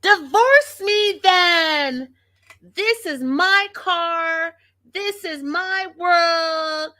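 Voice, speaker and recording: Woman doing a shrill screaming reality star. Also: very slow, pushed and bright, dry recording, clean studio sound, exaggerated voice.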